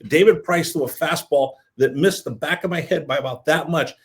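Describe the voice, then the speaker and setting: A man hosting a podcast interview, an animated storyteller who acts out the quotes in his anecdotes. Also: a little high, moderate pace. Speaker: podcast host, executive producer.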